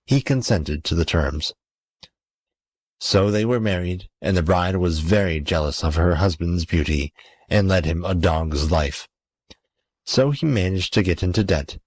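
A man narrating a classic story as an audiobook, calm and even. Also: low voice, no echo.

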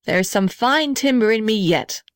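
Woman as an old male tree, stiff, dignified, soft inside, storybook. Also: fairly high pitch, expressive, moderate pace, dry recording, clean studio sound, pitched above the performer's own voice, lightly acted. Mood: kindly. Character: old male gum tree, stern but kind-hearted.

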